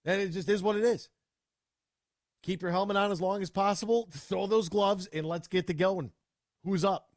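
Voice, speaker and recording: A man hosting a sports talk radio show in a fired-up, ranting style. His voice sits a bit high, and he keeps restarting his sentences as he gets worked up. The sound is dry and close on a studio mic. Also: fairly even intonation, normal speed, dry recording.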